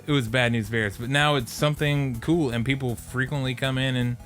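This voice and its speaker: Male co-host, mid-pitched, casual and rambly, trips over his own sentences, faint music underneath. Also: steady tone, a bit bright. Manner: rambling, halting with many restarts. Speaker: podcast co-host. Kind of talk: casual anime review chat.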